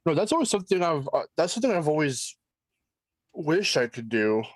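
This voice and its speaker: A man's voice: on the high side, sing-song, brisk, dry recording. A young man co-hosting a game stream, rambling and correcting himself as he chats. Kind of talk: casual chat.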